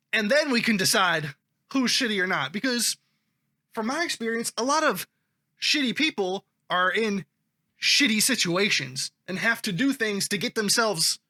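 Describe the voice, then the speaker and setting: A man's voice: very high-pitched, bright, forceful tone. A man reading online comments aloud and reacting to them in a sarcastic, profane, offhand way. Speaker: commentary vlogger.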